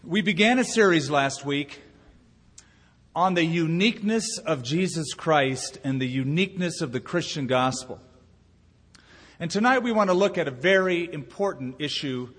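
A man's voice: on the high side, a bit bright, slightly rough. A male pastor delivering a sermon, telling a story and building to emphatic points. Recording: long reverb of a church hall.

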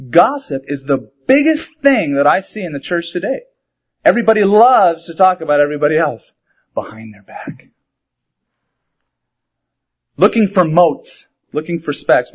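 A man's voice: a little high, slightly rough. A man preaching a sermon in a conversational way, asking rhetorical questions and mixing in humor. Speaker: pastor. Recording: dull lo-fi sermon recording.

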